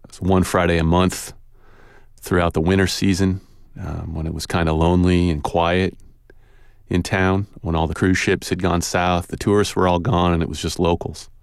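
A man telling a personal story in a relaxed, conversational way, with casual fillers and pauses. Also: low-pitched, vocal fry, clear, resonant tone, dry recording. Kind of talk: personal story told aloud. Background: guitar music.

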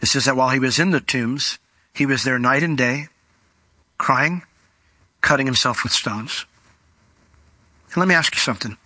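A man preaching a sermon in an animated way, slowing down and speeding up as he tells a Bible story. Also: medium pitch, no echo. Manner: animated, acts out quoted voices, varies pace.

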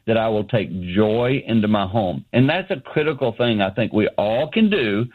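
A man's voice: fairly low pitch, lively intonation, normal speed. A middle-aged man shares a story earnestly from his office, with plenty of fillers. His voice comes through a tinny, narrow phone line. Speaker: guest, ministry founder. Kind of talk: phone interview on radio.

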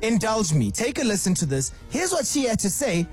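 A male radio host talking in a chatty, animated and opinionated way, with faint music behind. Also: sits high, quick pace, few pauses. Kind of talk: casual radio chat.

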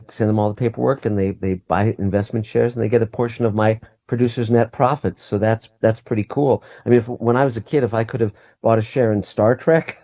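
A man's voice: fairly low pitch, warm tone, dry recording, highs cut off. A man guest on a call-in radio show, talking earnestly and often repeating and restarting his words.

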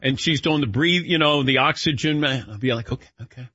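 A man hosting a radio show, telling stories in lively casual banter and calling on his co-hosts. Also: mid-range voice, fairly quick, breathy edge. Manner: animated storytelling, calls on co-hosts by name. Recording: muffled radio broadcast.

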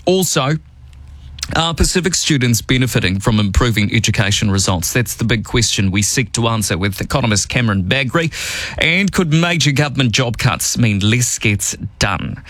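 A man's voice: mid-range voice, moderate pace, no room sound. Chatty New radio host, man. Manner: chatty, wry, lively. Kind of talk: casual radio talk and news rundown. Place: radio studio.

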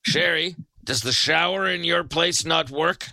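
A man's voice: on the high side, measured pace, bright, forceful tone, no echo. A man hosting late-night call-in radio, firing off dry, sarcastic wisecracks at a caller. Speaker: radio host.

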